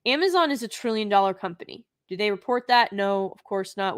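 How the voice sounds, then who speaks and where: A woman's voice: medium pitch, animated, a little fast, smooth. A woman hosting a live stream, giving an unscripted review in an indignant, emphatic way, with sighs and restarts.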